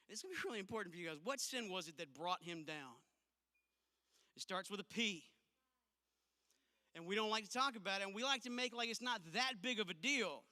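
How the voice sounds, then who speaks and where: Guy preaching to teens, really bright sharp tone, long echo off the church walls, talks punchy and casual. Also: high voice. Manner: emphatic and conversational, punchy asides. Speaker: youth pastor. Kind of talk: youth sermon. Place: church auditorium. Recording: long reverb of a large hall.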